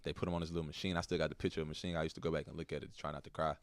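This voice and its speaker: A young man from Texas with a Texan accent and a strikingly deep, low voice. He tells a painful personal story softly and haltingly, with lots of "bro" and "like". The sound is dry and close. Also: level tone, dry recording. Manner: soft-spoken, halting, slangy with "bro" and "like". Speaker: podcast guest, basketball player.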